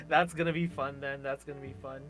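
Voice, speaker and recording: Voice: medium pitch, fairly even intonation, moderate pace, music in the background. A streamer hosting a casual chat, playful and laughing often, trailing off into fillers. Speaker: streamer host.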